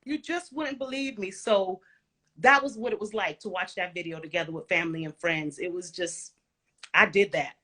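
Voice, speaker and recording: A woman telling animated stories in a casual interview chat, laughing often and using casual slang. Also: on the low side, normal speed. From Caribbean and Central American family background. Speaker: guest, former music video dancer.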